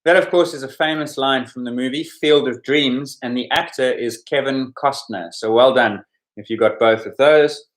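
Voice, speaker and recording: A man hosts a sports quiz podcast at a mid-range pitch. He goes over the answers in a relaxed, explanatory way and adds chatty asides. He talks like a quizmaster at a podcast microphone. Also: normal speed. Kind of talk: casual quiz commentary.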